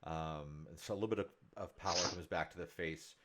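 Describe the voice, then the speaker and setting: A man's voice: deep voice, a little fast, very noisy. A man narrating a tabletop game as game master, describing scenes at length with many fillers.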